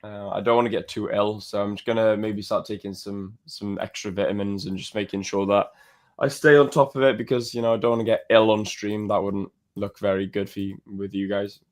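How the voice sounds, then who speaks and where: A man's voice: on the low side, steady tone, brisk, darkish tone. A man co-hosting a casual live stream, rambling and laughing, feeling a little under the weather. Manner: rambling, laughs often, restarts. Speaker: co-host.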